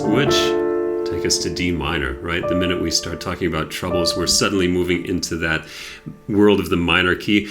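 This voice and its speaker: A man's voice: sits low, normal speed. A man teaching a piano tutorial, explaining with enthusiasm and demonstrating at the piano. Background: piano playing.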